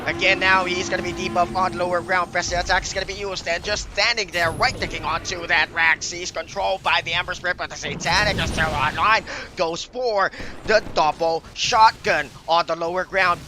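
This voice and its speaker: A young man calling a live esports match in rapid, excitable play-by-play. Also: high-pitched, noisy background. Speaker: esports shoutcaster.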